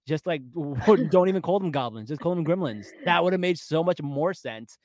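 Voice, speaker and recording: A man's voice: a little high, expressive, normal speed, few pauses, darkish tone, dry recording, clean studio sound. A man co-hosting a casual fan discussion, recapping scenes and laughing often. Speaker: podcast co-host.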